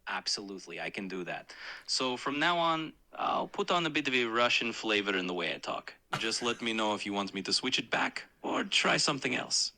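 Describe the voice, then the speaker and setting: A man's voice: fairly low pitch, animated, brisk, bright, forceful tone, rough recording. A man's synthetic voice-assistant voice, eager and agreeable, played from a phone speaker.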